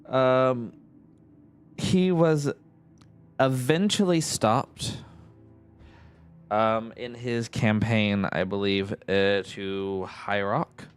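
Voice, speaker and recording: A man's voice: fairly low pitch, extremely slow, pauses often, clean tone, faint music behind. A man narrating his gameplay in a rambling, musing way, often correcting himself with chuckling asides. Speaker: let's-play host.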